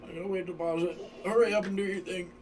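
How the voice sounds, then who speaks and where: A man's voice: sits high, steady tone, fast, distant mic, background noise. Joking man, a bit off-mic. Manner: joking side comments while playing. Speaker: friend playing a video game. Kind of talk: casual chat.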